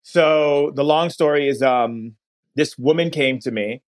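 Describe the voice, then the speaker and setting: On a podcast, a guest with a fairly high-pitched voice earnestly recounts a lengthy story from his own life. At important points he slows down, and he often begins phrases over again.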